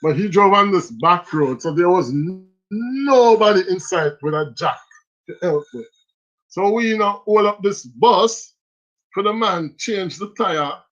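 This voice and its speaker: Jamaican-accented host, casual live-stream storyteller, lively and giggly, slightly dull lo-fi audio. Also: medium pitch. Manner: animated, laughs often between lines, speaks Jamaican Patois.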